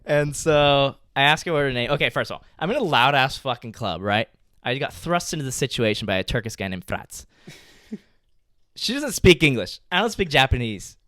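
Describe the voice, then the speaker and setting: A young man from California telling stories on a podcast, swearing freely and acting out what people said. His pitch swings widely as he talks. The sound is close and dry. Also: moderate pace, no room sound. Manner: animated storytelling, heavy swearing. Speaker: podcast co-host. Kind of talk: casual chat.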